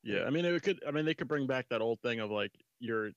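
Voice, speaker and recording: A man's voice: medium pitch, lively intonation, quick pace, gravelly, crowd noise. A man in a casual debate who talks in an emphatic, rambling way and swears now and then. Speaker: panel guest. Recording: dull lo-fi mic.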